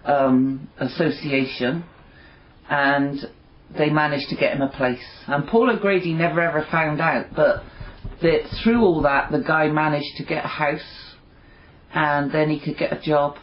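A man's voice: a little high, fairly even intonation, a little slow. A man sharing an earnest, informal devotional talk with his fellowship, rambling with many fillers. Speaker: fellowship member sharing encouragement. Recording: dull lo-fi recording.

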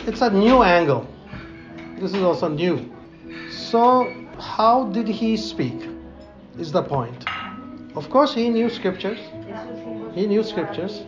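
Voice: mid-range voice, expressive, takes it slowly, pauses often, dull audio, music in the background. A Bible teacher speaking informally in a conversation, quoting scripture in old-fashioned wording and speaking English with non-native grammar.

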